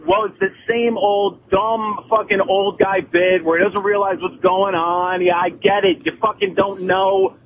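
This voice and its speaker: A man's voice: high-pitched, little pitch movement, unhurried, few pauses. A man calling in to a radio show on his cell phone, arguing and taunting the host. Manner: taunting, argumentative. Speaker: caller. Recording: noisy lo-fi phone line.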